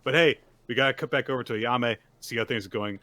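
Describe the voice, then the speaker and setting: A man's voice: mid-range voice, fast talker. A man co-hosting a podcast, recapping manga chapters in casual chat and acting out the characters' lines. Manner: animated retelling, acts out quoted lines. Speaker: podcast co-host.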